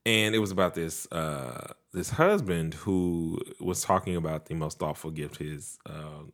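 A man co-hosting a podcast, telling a story in casual chat with quick asides. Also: low voice, expressive. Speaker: podcast co-host.

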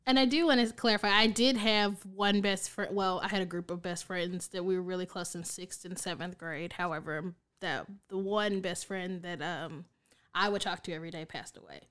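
A woman's voice: on the low side, normal speed, fairly bright tone, smooth. Woman podcast guest, chatty and giggly, casual delivery. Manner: laughs often, chatty.

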